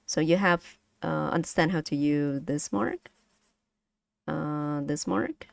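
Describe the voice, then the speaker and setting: A woman with a Vietnamese accent, a low, creaky voice, and a slow pace teaches her stream chat how to pronounce Vietnamese tones, playful and giggly. She's a vtuber language streamer giving a casual lesson, recorded with clean studio sound and no echo.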